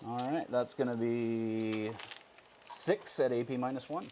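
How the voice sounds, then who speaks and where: A man's voice: mid-range voice, measured pace, mellow, a little hiss or hum. A man casually playing a tabletop war game, counting dice aloud and laughing often.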